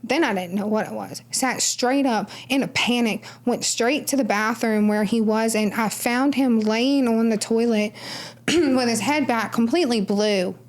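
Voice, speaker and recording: A woman's voice: on the high side, measured pace. A woman guest on a podcast, telling her personal story casually and loosely, full of "like" and "right?". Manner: rambling storytelling with frequent "like" and "right?". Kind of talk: personal testimony in casual conversation.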